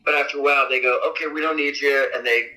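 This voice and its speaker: A man being interviewed as a rock singer, telling stories in a casual, animated way and acting out quotes with big jumps in pitch. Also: fast, low-quality recording. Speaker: rock vocalist guest. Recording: radio interview audio.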